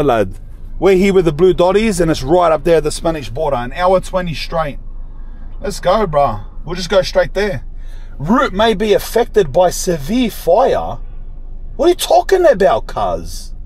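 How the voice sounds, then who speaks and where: A man's voice: high-pitched, darkish tone. A young man, vlogging while he drives and joking about it in heavy slang. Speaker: travel vlogger. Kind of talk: casual self-filmed driving commentary. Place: inside a moving car. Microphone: phone camera. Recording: road and engine noise from a moving car.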